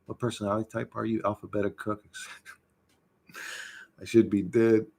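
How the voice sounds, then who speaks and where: A middle-aged man chatting casually on a livestream, reading chat and telling stories in a rambling, profane way that swings between loud and quiet. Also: lowish voice, little pitch movement, moderate pace, creaky.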